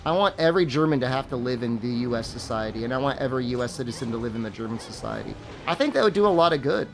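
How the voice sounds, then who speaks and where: A young man streams a game and chats casually with viewers, rambling and sarcastic, laughing at his own jokes. His medium-pitched voice is expressive and very fast, with soft background music behind him.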